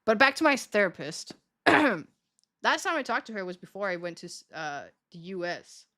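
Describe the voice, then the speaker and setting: A woman's voice: medium pitch, sing-song, normal speed, pushed and bright. Chatty young woman streamer, laughing. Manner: chatty, self-mocking, laughs often, acts out quoted dialogue. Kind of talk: casual chat to stream viewers.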